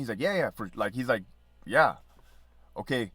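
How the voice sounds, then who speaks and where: A middle-aged man, a former prison officer, telling a profane, lively story in casual podcast talk. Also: medium pitch, normal speed, dry recording, clean studio sound. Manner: profane, animated storytelling with laughs and quoted dialogue.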